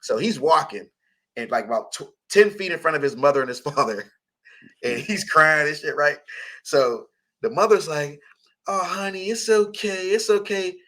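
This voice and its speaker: A man's voice: fairly high pitch, animated, moderate pace, sharp tone. A man hosting a radio show, teaching scripture in casual talk, blunt and profane, laughing often.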